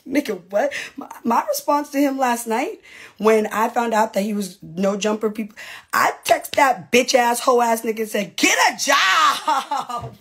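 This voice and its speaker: A woman's voice: fairly high pitch, normal speed, slightly rough. A woman, a reality TV personality, in a casual livestream rant to her fans, brash and profane with mocking asides.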